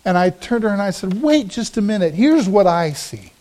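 A man's voice: high-pitched, big pitch swings, fairly quick, a little mellow. A man, a pastor, preaching a sermon, telling a personal story in an earnest, storytelling way with emphatic swells.

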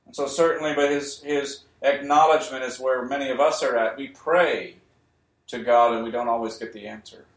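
A man's voice: mid-range voice, steady tone, normal speed. A man preaching a sermon, emphatic and repeating key phrases, sometimes raising his voice. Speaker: pastor. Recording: echoey room.

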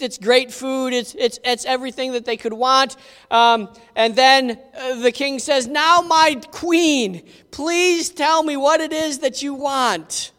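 A man preacher with a strikingly high, bright and clear voice, retelling a Bible story in an animated, conversational way. He turns to the listeners with asides. A long hall reverb trails behind his words. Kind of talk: dramatic Bible storytelling sermon.

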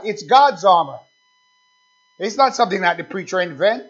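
A man's voice: high voice, lively intonation, normal speed, fairly bright tone, slightly rough. A man preaching a sermon, emphatic and repetitive, calling out "amen" between points. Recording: dull lo-fi sound.

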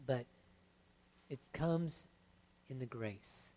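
With a voice on the high side and a moderate pace, the pastor gives a sermon that feels like a conversation. Lively, emphatic moments give way to quiet, sincere ones, and he often checks in with "right?" or "okay?"

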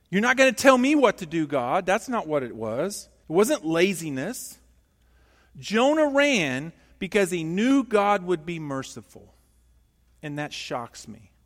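Animated high-voiced male preacher. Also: long reverb tail. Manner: animated, emphatic, rhetorical questions to the congregation. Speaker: pastor. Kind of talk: sermon.

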